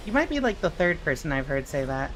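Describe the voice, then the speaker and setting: A young adult woman streaming a game, chatting casually with her chat and swearing in expressive outbursts. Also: sits low, fast, a little hiss or hum.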